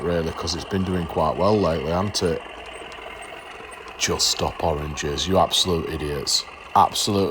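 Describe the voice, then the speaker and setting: A middle-aged man talks casually to his viewers in a fairly low voice. He rants in mock outrage, full of jokes and clipped, dropped words. A faint hiss of noise sits behind him. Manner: jokey, mock-outraged, drops "the". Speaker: model railway vlogger. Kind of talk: casual chat to camera.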